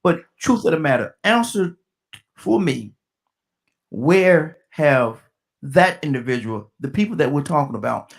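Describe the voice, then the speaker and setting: A middle-aged man hosting a call-in radio talk show, repeating himself and restarting his sentences, slowing right down to read out a phone number. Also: mid-range voice, creaky, slightly rough.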